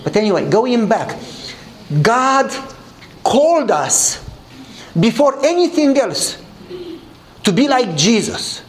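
A man with a Romanian accent preaches in a fairly high voice and tells an animated story. He acts out each exchange and laughs as he goes. There is a faint hiss behind him. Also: takes it slowly, long pauses. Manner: animated storyteller acting out dialogue, laughing often. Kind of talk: sermon storytelling.

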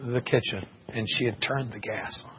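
A man's voice: medium pitch, steady tone, normal speed. Guy preaching, earnest storytelling, kinda muffled sound w/ a little noise behind. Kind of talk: sermon with personal testimony. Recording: muffled recording with faint background noise.

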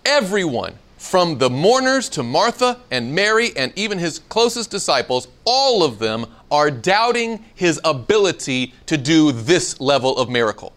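A man's voice: fairly high pitch, moderate pace, hardly any pauses. A man teaching a Bible seminar to a live audience, asking questions and acting out the quoted lines. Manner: animated, asks the room questions, acts out quoted lines.

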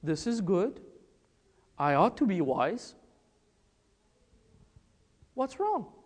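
A gullible woman musing quietly to herself, as a preacher acts her out. She works it through in a high, slow voice, and a long reverb trails behind her. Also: very animated, heavily acted. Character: naive woman talking herself into temptation.

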